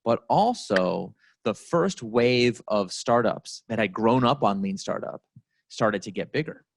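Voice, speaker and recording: A man's voice: fairly low pitch, animated, a little slow, gravelly, dry recording. Chatty man telling stories to a crowd. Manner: casual, chatty, full of "like" and "you know". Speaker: guest speaker. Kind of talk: storytelling talk to a live audience. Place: company office event space.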